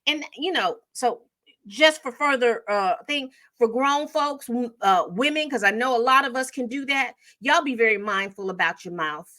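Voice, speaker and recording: Woman, high bright voice, chatty TV recap host, lots of fillers. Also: moderate pace. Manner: chatty, animated storytelling with acted-out quotes; frequent fillers and self-corrections. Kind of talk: casual TV episode recap.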